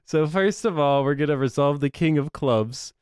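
Man, tabletop player, relaxed, chuckling, halting, dry sound. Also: a little high, clear, resonant tone, dry recording. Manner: laid-back, chuckling, halting while counting cards. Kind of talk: playing a tabletop game.

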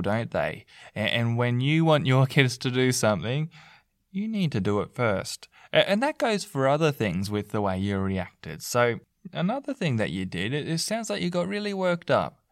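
A man's voice: mid-range voice, big pitch swings, moderate pace, no echo, clean studio sound. A man speaking as a parenting counselor in a mock counseling session, earnest and coaxing, with lots of fillers and restarts.

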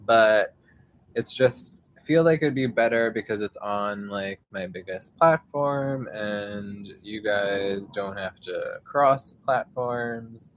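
A young man hosts a live podcast from outdoors, talking in a loose, rambling way, full of fillers and the odd swear. His voice sits fairly low, and he takes his time, drawing out his words at a slow, unhurried pace. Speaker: podcast host. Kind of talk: casual live podcast monologue.

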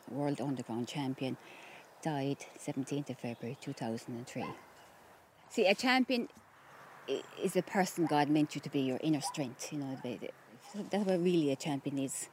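A middle-aged woman telling family anecdotes in a casual, animated way, often breaking into laughter. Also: low voice, slight background noise. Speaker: interviewee, daughter of the subject. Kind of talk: casual storytelling.

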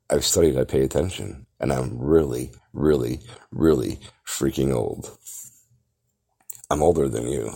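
Deep gravelly boastful man. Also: dark tone. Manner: boastful, theatrical, lectures the listener. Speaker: podcast host. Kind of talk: grandiose self-promoting monologue.

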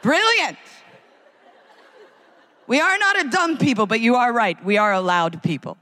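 An American woman performing a live stand-up routine in a large concert hall, wry and animated. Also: measured pace. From United States. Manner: wry, animated, acts out characters in high voices. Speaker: stand-up comedian.

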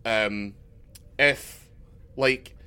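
A man's voice: on the low side, extremely slow, bright, forceful tone, clear, resonant tone. A man co-hosting a podcast in casual chat, rambling, losing his thread and swearing freely. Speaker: podcast co-host.

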